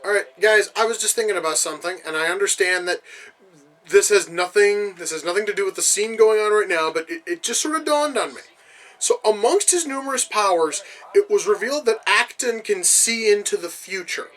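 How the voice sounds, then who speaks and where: A man talks through a film as he watches it, in a high voice with a sharp, bright edge. He rants and swears with casual exasperation. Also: brisk, low-quality recording. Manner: profane, exasperated ranting asides. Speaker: movie reviewer. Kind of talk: casual reaction commentary.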